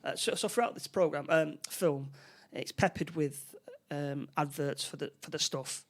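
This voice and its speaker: A man co-hosting a relaxed film podcast, recapping a movie scene by scene. He rambles, restarts and repeats words as he goes. His voice sits a little on the higher side. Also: normal speed. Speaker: podcast co-host. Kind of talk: casual film chat.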